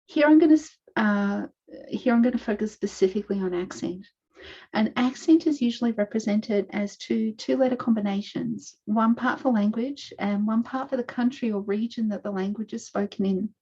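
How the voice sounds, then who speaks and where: Over a video call, a woman with an Australian accent gives an online conference presentation, walking through her slides and explaining her research step by step. Her voice is on the high side, mellow, and slightly rough, and her manner is measured and explanatory. The audio is dull and lo-fi.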